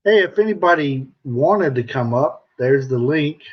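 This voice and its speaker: A man's voice: medium pitch, lively intonation, a little slow, highs cut off. A middle-aged American man chatting casually on a live stream, joking and reading viewer comments aloud. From United States.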